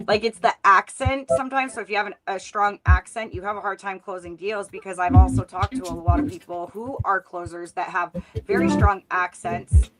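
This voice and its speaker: A woman's voice: mid-range voice, steady tone, brisk. Chatty rambling woman hosting a live stream. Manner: chatty and rambling, with fillers and self-interruptions. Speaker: host of a live sales call stream. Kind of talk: casual live-stream chat. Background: faint music.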